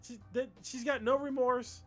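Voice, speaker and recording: A man co-hosting a livestream, chatting casually about anime with excitable, profane energy and frequent laughter. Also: extremely high pitch, moderate pace, soft background music. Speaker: livestream co-host.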